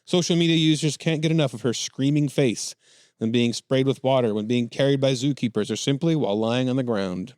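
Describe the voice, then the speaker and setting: A man hosting a casual comedy podcast, reading news items aloud with wry, jokey asides. His voice sits in a middle pitch range. The recording is dry and close. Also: a little fast, a little mellow, no echo. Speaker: podcast host.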